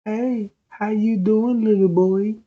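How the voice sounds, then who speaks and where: A man voicing a creepy, sweet-talking stranger in a drawn-out, syrupy sing-song. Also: high voice, steady tone, narrow, tinny audio, voice pushed up. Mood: coaxing.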